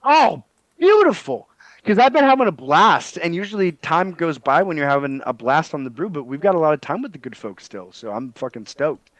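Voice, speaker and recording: Male podcast host, casual and excitable, slightly high voice in a dry, close recording. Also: a little fast, no echo, low-quality recording. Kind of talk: casual comedic chat, reading news aloud.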